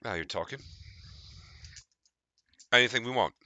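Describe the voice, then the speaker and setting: A man's voice: low-pitched, expressive, normal speed, sharp tone, dry recording, highs cut off. A man voicing a weary, crude male sailor who talks bluntly and swears. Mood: gruff. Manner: blunt, profane.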